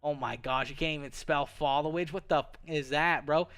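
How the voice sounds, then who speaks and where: Speaking briskly with a fairly high, fairly bright voice and fairly even intonation, this Canadian livestream host has a Canadian accent and a clean tone. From his home setup he chats casually and playfully, laughing a lot and ending lines with "okay."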